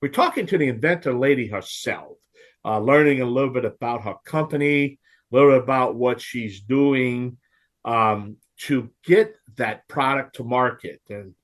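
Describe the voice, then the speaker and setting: A man's voice: mid-range voice, normal speed. A man with a Cajun accent hosting a home improvement radio talk show, folksy and ranting.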